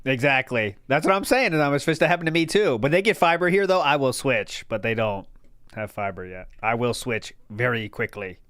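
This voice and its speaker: Sarcastic, mocking, smooth clear voice, dry close sound, casual chat. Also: medium pitch, animated, a little fast, fairly bright tone, no room sound.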